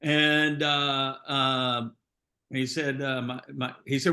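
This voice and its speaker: A man's voice: mid-range voice, steady tone, unhurried, sharp tone. A man hosting a casual chat who rambles, with many fillers and restarts. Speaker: host.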